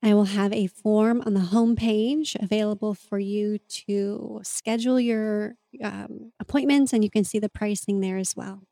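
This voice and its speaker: A woman's voice: mid-range voice, steady tone, moderate pace, gravelly, hardly any pauses, warm tone, dry recording. A woman hosting a podcast, talking in an earnest, open and confessional way in a reflective monologue. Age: adult parent. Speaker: podcast host and mentor.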